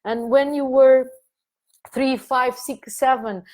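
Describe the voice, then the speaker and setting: A woman guiding listeners through an inner-child exercise in a live online talk, speaking gently and repeating her soothing instructions. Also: high voice, steady tone, slow pace. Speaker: consciousness coach leading an online meeting. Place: online meeting.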